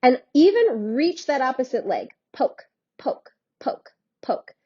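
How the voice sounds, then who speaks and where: A woman's voice: high voice, big pitch swings, slow pace, dark tone, husky, lo-fi sound. A woman fitness instructor guiding a workout in a chatty, encouraging way, laughing often.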